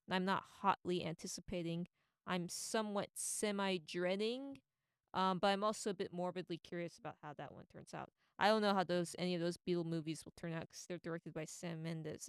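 A woman with a lowish voice talks through her opinions in a loose, rambling, chatty way. Her tone is smooth and clean. The recording is dry and close, with no room sound. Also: no echo. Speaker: pop culture commentator. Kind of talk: casual opinion monologue.

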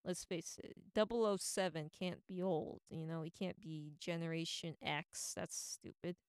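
A woman's voice: on the low side, measured pace, clean tone, no echo, clean studio sound. A woman giving casual, opinionated commentary on film casting, rambling with many fillers and restarts. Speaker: entertainment commentator.

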